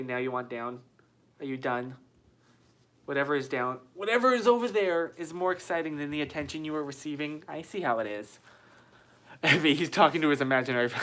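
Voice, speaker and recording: A man with a slightly high, sharp-toned voice hosts a casual stream in a small white-walled room. He chats, mocks himself, and reads comments from viewers aloud into a phone.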